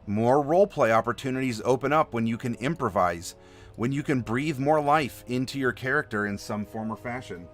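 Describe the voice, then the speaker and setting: A man hosting a live map-design stream, chatting to viewers in an animated, playful way. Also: mid-range voice, normal speed, faint music behind. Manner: animated, playful, talks to chat. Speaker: host.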